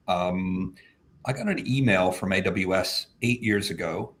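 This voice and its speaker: A man's voice: low voice, a bit bright. A man with an American accent, a company founder and guest, talking casually on a video call in an upbeat, joking way. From Australia. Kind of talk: casual livestream chat. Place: home, at night.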